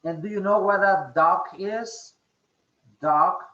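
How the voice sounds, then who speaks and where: A male English teacher leads an online class, pausing often and checking in with "okay?". His voice sits a bit high and moves slowly. The call audio is echoey and muffled. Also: sharp tone. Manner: slow, repeats "okay?" often, hesitant fillers.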